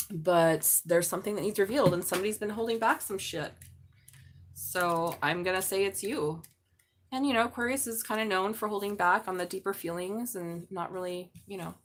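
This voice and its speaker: A woman doing a live tarot reading, excitable and chatty, jumping from loud exclamations to low murmurs. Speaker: tarot reader.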